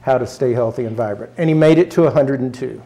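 An older man from rural Arkansas, appearing as an interview guest, tells a personal story with real earnestness and often gets choked up. His mid-range voice moves at a quick pace with a dark tone, and he acts out the voices of family members he quotes.

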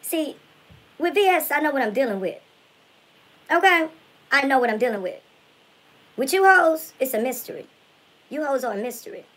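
A woman's voice: high voice, lively intonation, moderate pace, pauses often, a bit bright, poor audio. A woman impersonating a brash, foul-mouthed woman vlogger in a comedic spoof, ranting at her haters with nonstop profane insults. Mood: furious. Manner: profane, insult-hurling trash talk.

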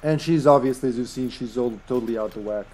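A man's voice: medium pitch, fast talker, dark tone. Jokey man streaming a horror game. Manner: jokey, laughs often, trails off mid-sentence. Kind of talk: casual gaming chat.

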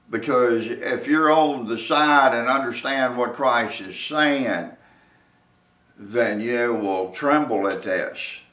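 A man preaching a sermon, slow and repetitive, calling out to his listeners and building from quiet to emphatic. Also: fairly low pitch. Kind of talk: sermon teaching. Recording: roomy echo, distant from mic.

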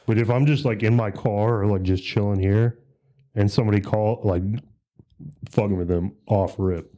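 A man's voice: fairly low pitch, fairly even intonation, normal speed, mellow, muffled recording. A man on a podcast, talking in a laid-back, rambling way with lots of fillers and swearing. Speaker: podcast host. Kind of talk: casual chat.

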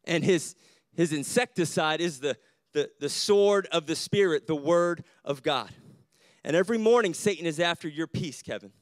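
A male pastor, not a native English speaker, preaching a sermon in an animated way and often repeating words as he builds his points. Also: a little high, moderate pace, dry recording.

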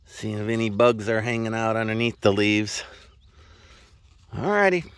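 Rancher vlogger, folksy and rambling, lively pitch, recorded outdoors walking. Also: male voice, normal speed, smooth, dry recording. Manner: rambling, folksy, chatting to his horse. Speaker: farm vlogger. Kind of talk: casual walk-and-talk vlog. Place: outdoors on a ranch in a wet meadow.

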